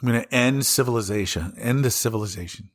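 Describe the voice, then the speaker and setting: Fast-talking with a medium-pitched voice, a Southern US man hosts a solo podcast commentary that becomes an angry, profane rant on politics. He sounds thoroughly exasperated.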